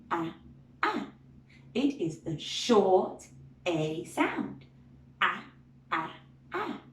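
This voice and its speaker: A woman teaching a phonics lesson to young children, drawing out letter sounds and praising often. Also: a little high. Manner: slow, drawn-out sounds, encouraging praise. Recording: roomy echo.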